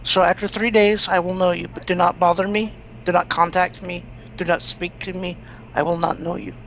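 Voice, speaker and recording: A woman playing in a tabletop role-play session, laying out her character's plans in a brisk, businesslike way. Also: lowish voice, fairly even intonation. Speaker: player. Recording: dull lo-fi mic with faint noise.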